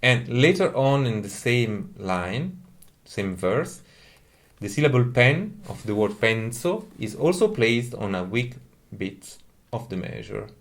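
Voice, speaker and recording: A man's voice: mid-range voice, very animated, takes it slowly. A man giving a careful, methodical lecture on music, explaining each point step by step.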